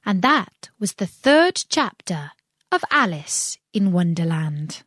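A woman reads a children's story aloud with a lively, rising and falling voice, taking her time over each phrase. The sound is dry and close. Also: lowish voice, no echo. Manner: expressive, deliberate. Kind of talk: storybook narration.

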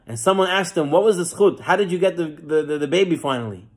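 A storytelling rabbi with a high voice. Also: male voice, fast talker, husky. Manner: storytelling with lively acted quotes and frequent rises in pitch. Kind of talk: sermon.

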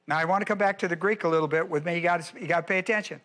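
A man's voice: high voice, very fast, a bit bright. A male pastor teaching a Bible lesson verse by verse, emphatic and repeating key phrases as he quizzes his listeners.

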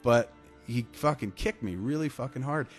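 A man's voice: mid-range voice, normal speed, faint music behind. A man co-hosting a podcast, telling a rambling, profanity-laced story in casual chat. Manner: profane, rambling anecdote with laughs. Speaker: podcast co-host.

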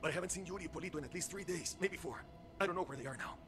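A man's voice: fairly high pitch, very fast, music in the background, lightly acted. An actor playing a battered, bitter male rebel prisoner in a video game, speaking grimly and formally. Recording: noisy game audio.

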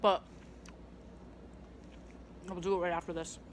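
A woman's voice: on the low side, level tone, a little slow, very noisy. Blunt, rambling young woman vlogger. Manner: blunt, swears freely, rambling with many ums. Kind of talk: casual vlog chat. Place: her bedroom, indoors.

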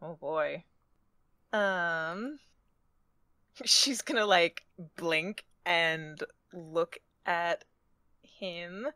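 A woman's voice: lowish voice, extremely slow, pushed and bright, clean tone, no room sound. A woman player in a casual tabletop role-play, hesitant and rambling, with many fillers.

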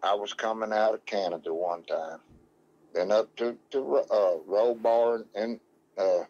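A man's voice: lowish voice, a little slow, warm tone, muffled recording. A man telling a rambling, salty story in casual talk, drawling and full of cussing. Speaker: guest, dog man.

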